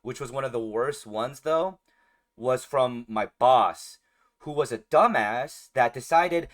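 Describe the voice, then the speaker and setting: A middle-aged man co-hosting a podcast, chatting casually and getting animated when excited. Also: mid-range voice, slow. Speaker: podcast co-host. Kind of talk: casual chat.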